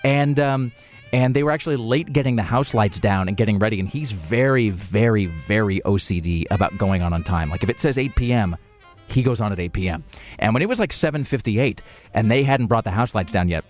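A man hosting a radio show tells a loose, meandering story in the studio, talking at a rapid clip. His voice sits a little low, and he keeps restarting his sentences and filling gaps with "you know." Faint music plays behind him. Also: animated. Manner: rambling with many restarts and fillers. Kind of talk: casual storytelling on air.

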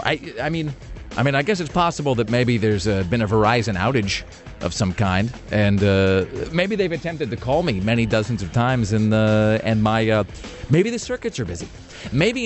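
A man, a radio show host, telling a long self-mocking story in casual chat, rambling with comic asides. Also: mid-range voice.

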